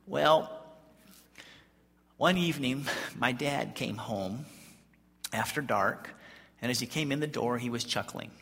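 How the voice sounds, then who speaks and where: Gravelly, bright-voiced storytelling pastor. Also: male voice, medium pitch, takes it slowly, pauses often, long reverb tail. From Colorado. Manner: animated, folksy storyteller. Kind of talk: storytelling sermon.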